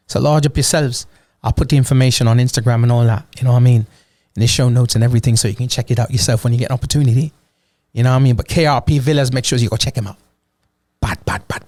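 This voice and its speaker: A man from Jamaica talks in a loose, animated way, his accent thickening into patois phrases. His voice has a gravelly grain. The recording is dry and close, with no room sound. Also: medium pitch, no room sound. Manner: animated, slips into patois phrases, repeats "you know what I mean". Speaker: vlogger. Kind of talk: casual travel chat.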